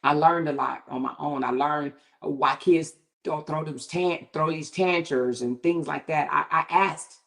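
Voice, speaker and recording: A middle-aged woman hosting a livestream, talking candidly and emphatically in casual commentary, with her pitch climbing sharply when she gets indignant. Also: fairly even intonation, unhurried, vocal fry, fairly bright tone. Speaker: livestream host.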